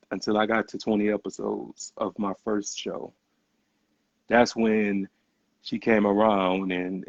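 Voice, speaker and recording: Earnest halting man with gravelly voice. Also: lowish voice, no room sound. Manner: earnest, halting, repeats words as he starts. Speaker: podcast host. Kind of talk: casual conversation. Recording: dull, muffled podcast audio.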